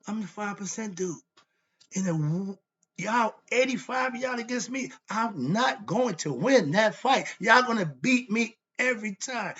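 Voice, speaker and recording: Here the man's voice is high and expressive, a little slow, sharp in tone and slightly rough, captured in lo-fi sound. He hosts a philosophy monologue, lecturing on self-knowledge with blunt, annoyed preachiness, repeating himself and firing off rhetorical questions that he then answers.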